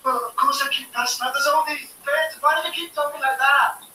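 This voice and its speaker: A man's voice: very high voice, fairly even intonation, a little fast, pushed and bright, slight background noise, full character voice. An actor playing the Doctor, a confused, irritable older man rambling through a television drama scene. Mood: baffled, cranky. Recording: TV audio heard from far off in an echoey room.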